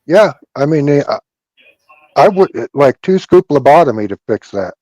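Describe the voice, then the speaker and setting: A man with a slightly raised pitch joins a casual panel, dropping hesitant, wry remarks. His voice is dry and close. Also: sing-song, moderate pace, darkish tone, no room sound, lo-fi sound.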